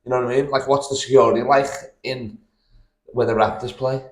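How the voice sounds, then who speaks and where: A man's voice: mid-range voice, fairly even intonation, a little fast. A man hosting a podcast, swearing and joking in casual banter in a kitchen. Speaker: podcast host. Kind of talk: casual chat. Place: indoors, kitchen. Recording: echoey room.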